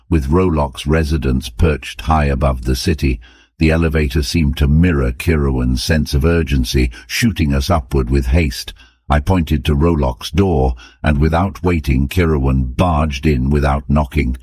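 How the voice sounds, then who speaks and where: A man with a very deep, husky voice reading a story aloud in a clear, even way. The sound is dry and close, with no room around it. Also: no echo. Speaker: narrator. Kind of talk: audiobook narration for English learners.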